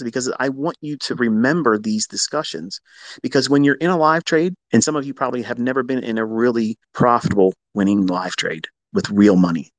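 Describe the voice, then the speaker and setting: A man's voice: medium pitch, no room sound. A man teaching trading in a live audio room, talking bluntly and with profanity, often rising into heated outbursts. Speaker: trading educator.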